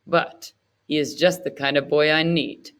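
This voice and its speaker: A woman's voice: deep voice, flat delivery, unhurried, a bit bright. A woman voicing a curt, menacing middle-aged male gangster boss who talks brusquely and dismissively. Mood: appraising.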